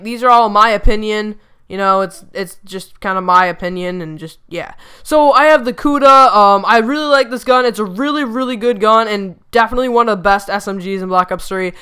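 Bright, smooth-voiced rambling gaming YouTuber. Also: medium pitch. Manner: rambling, filler-heavy, repeats "really", stumbles over words. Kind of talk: casual gameplay commentary. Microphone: desktop USB microphone.

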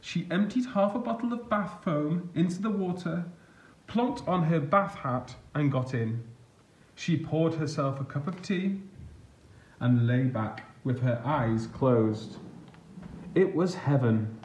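A man reading a picture book aloud as a storyteller, gentle and expressive. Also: a little high, takes it slowly, roomy sound, a little hiss or hum.

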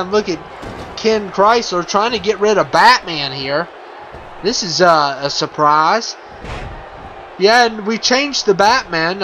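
A man giving playful, excitable wrestling commentary over a video game, chuckling often and full of fillers and restarts. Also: sits high, slight background noise, rough recording.

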